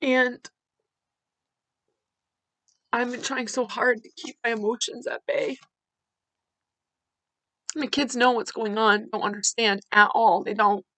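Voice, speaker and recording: Bright-voiced woman telling a personal story. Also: mid-range voice, no echo. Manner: candid, conversational, with halting restarts. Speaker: podcast host.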